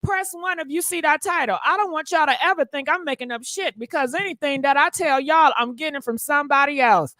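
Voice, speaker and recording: A woman's voice: high-pitched, fairly quick, hardly any pauses, bright, forceful tone, no echo, clean studio sound. A woman hosting a gossip livestream, talking sassily and directly to her viewers and calling them honey. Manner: sassy, talks straight to viewers, calls them honey. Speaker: gossip show host. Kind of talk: casual livestream gossip chat.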